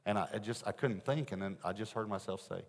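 A man preaching a sermon, telling a personal story and swinging between loud emphasis and hushed asides. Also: lowish voice, fast talker, noisy background. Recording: echoey hall.

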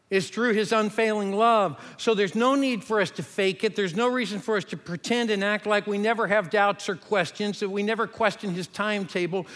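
A man preaching a sermon as pastor, earnest, and dropping to a hush for emphasis. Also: high-pitched, big-room sound.

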